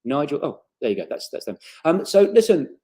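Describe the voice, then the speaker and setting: A man's voice: fairly high pitch, big pitch swings, a little fast, mellow, breathy edge. A man, chatting casually and rambling through viewer questions with many fillers and restarts. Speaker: guest author answering viewer questions. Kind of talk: casual live chat.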